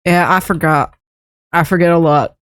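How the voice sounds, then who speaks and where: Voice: medium pitch, steady tone, normal speed, a bit bright, smooth, no room sound, clean studio sound. Chatty streamer muttering through a build. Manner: rambling self-talk, chuckling at own mistakes. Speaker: streamer building a game base. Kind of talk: casual gameplay commentary.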